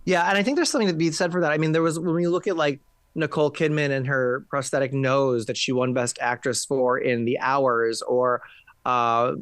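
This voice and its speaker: A man talking about films in casual chat, quick and enthusiastic, with many restarts. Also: medium pitch, steady tone, fairly bright tone, clean tone, no room sound. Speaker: film critic.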